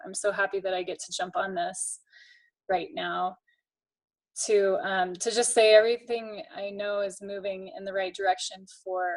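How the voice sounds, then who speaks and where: A woman's voice: medium pitch, rough recording. A woman checks in on a casual group call, speaking earnestly and enthusiastically about what lies ahead. Her tone is open and sincere. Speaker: call participant.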